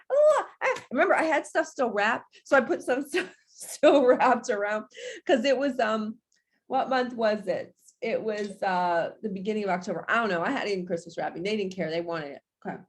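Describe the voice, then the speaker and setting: A woman giving a casual motivational talk to her direct sales team, chatty and animated, laughing often and talking straight to her listeners. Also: fairly high pitch. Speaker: direct sales business coach.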